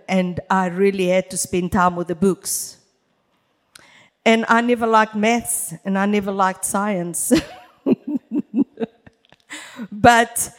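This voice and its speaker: A woman preaching a church sermon in an emphatic, deliberate way, speaking straight to her congregation. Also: medium pitch. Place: church hall. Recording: long hall reverb.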